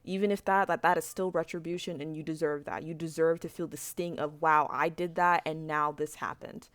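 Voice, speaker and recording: A woman's voice: low-pitched, fairly even intonation, a little fast, no echo. A young woman telling a story to camera in a frank, rambling rant, with lots of fillers and swearing. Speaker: vlogger.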